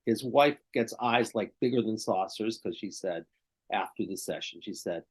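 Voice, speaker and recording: A man's voice: lowish voice, moderate pace, slightly rough. An older male therapist telling a client story in conversation, often checking in with "right?" and "okay?".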